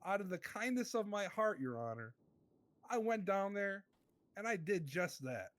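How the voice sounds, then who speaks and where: A man's voice: sits high, sing-song, moderate pace, fairly bright tone, no echo. A man playing a small-time crook who testifies in a roleplay court, earnest and rambling, forever turning back to the judge. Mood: pleading.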